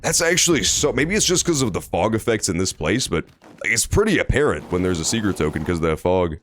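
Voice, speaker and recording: A man's voice: very animated, quick pace, fairly bright tone, a little hiss or hum. A man streaming a game, chatting casually and joking with plenty of swearing. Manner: joking, profane, jumps between high and low pitch. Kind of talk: casual gameplay commentary.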